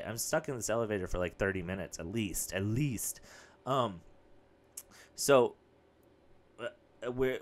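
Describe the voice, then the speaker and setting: A young man hosting a comedy podcast, rambling through a story and acting out the other people in it. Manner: animated, acts out quoted voices with big pitch jumps. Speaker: podcast host. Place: home studio with a whiteboard.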